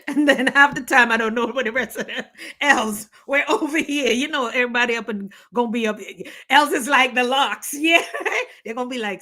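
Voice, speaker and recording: A middle-aged woman from the Caribbean chatting casually on a live stream, laughing often and talking with lively energy. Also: on the high side, moderate pace. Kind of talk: casual chat.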